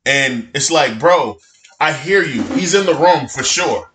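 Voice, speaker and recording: A man's voice: fairly high pitch, expressive, measured pace, fairly bright tone, echoey room, soft background music. A man in his thirties co-hosting a podcast in casual chat, blunt and laid-back, swearing freely. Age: 30s. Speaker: podcast co-host.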